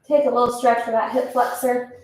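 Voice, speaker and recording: A woman's voice: a little high, level tone, fairly quick, darkish tone. A woman teaching a pilates class, counting reps and giving encouraging cues, a little out of breath. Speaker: pilates instructor. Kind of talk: workout instruction. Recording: echoey room, mic at a distance.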